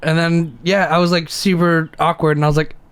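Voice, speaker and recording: A young man chatting loosely on a podcast over beers, his voice sitting a touch higher than most men's. He rambles, laughs easily and jumps up high to imitate others, recorded close and dry with no room sound. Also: level tone, fairly quick, a bit bright, clear, resonant tone, no room sound. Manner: rambling, laughs often, jumps up high when mimicking people. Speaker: podcast co-host. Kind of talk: casual chat over beers.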